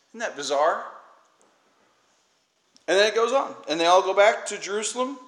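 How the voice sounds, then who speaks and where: A man preaching in a relaxed, conversational way, retelling a Bible story and acting out the lines of the people in it. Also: on the high side, roomy sound, low-quality recording. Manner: conversational storytelling, acts out quoted voices. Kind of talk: informal Bible teaching.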